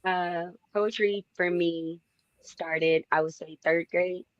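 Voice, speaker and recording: A guest poet from Louisville, telling their story in an unhurried, reflective way. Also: mid-range voice, steady tone, dry recording, lo-fi sound. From Louisville, Kentucky. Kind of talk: casual interview talk.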